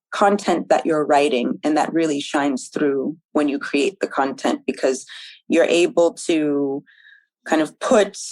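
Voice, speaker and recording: Low-voiced thoughtful woman guest. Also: darkish tone, no room sound, low-quality recording. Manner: thoughtful, measured, with frequent ums. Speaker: podcast guest, documentation manager. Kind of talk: podcast interview answers.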